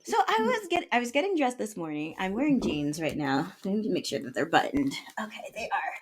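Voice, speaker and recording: A woman's voice: medium pitch, sing-song, fairly quick, husky. A woman co-hosting a podcast in casual chat, joking and laughing easily. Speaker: podcast co-host.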